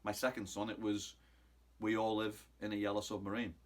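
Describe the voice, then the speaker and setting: A man's voice: on the low side, completely flat delivery, fairly quick. A man in his thirties recapping a football match in a casual, cheeky style, mocking rivals and wandering off topic. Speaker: football fan vlogger.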